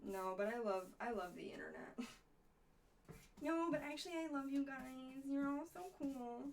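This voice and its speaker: A woman's voice: high voice, lively intonation, moderate pace, vocal fry, slight background noise. A woman streamer chatting casually and bluntly while she crafts, rambling with some swearing. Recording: voice a bit off-mic.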